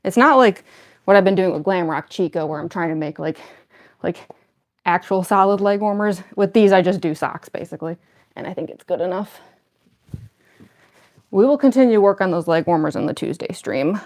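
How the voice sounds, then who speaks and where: A woman's voice: lowish voice, normal speed, pauses often, a little mellow. A young woman cosplayer chatting casually on a livestream while getting into costume, rambling with lots of fillers and a slight lisp from costume fangs. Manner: rambling, filler-heavy, self-deprecating.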